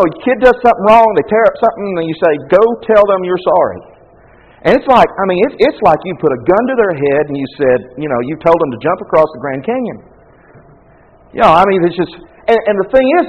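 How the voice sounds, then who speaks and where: A man with a high voice delivers a sermon in a loose, conversational way. He repeats himself and acts out stammering prayers, and his tone drops low and soft at times. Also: muffled recording. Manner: conversational preaching, with frequent repetitions and acted-out prayers. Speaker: pastor.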